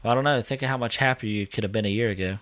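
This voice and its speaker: A man's voice: fairly low pitch, rapid-fire, fairly bright tone, clear, resonant tone, no echo. Rambling podcast co-host man, dry mic. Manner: joking, rambling recommendations. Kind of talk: casual chat.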